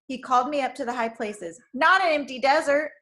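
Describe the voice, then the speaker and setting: A woman reading aloud and voicing a timid, frightened young woman who pleads and cries out in a high voice. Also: brisk, fairly bright tone, a little hiss or hum. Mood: pleading.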